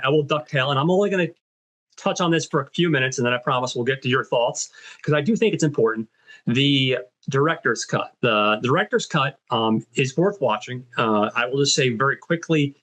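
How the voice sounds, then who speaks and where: A man hosting a film podcast, casually retelling a movie's story with many fillers and quick voiced quotes of the characters. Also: mid-range voice, fairly bright tone. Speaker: podcast host.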